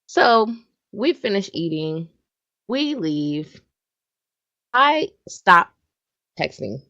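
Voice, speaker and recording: Woman in her 30s telling a dating story on a podcast, super animated, acts out the quotes, mid pitch. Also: very slow, dry recording, lo-fi sound. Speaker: podcast co-host. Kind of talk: casual storytelling chat.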